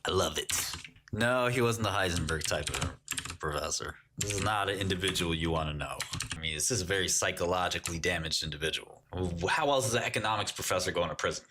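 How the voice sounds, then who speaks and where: A man's voice: deep voice, brisk, pushed and bright, a little hiss or hum. A man in his forties hosting a casual livestream, joking with the chat and laughing often. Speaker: livestream host. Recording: keyboard typing clicks. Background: keyboard typing.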